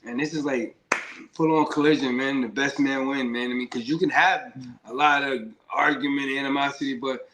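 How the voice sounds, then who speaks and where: A man talks about his fighting life in a loose, rambling way, leaning on "man" between phrases. His voice sits at a middle pitch. The sound carries a roomy echo. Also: fairly even intonation, moderate pace, fairly bright tone, slight background noise. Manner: loose, repetitive, says "man" often. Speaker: professional boxer, guest. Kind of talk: casual storytelling interview.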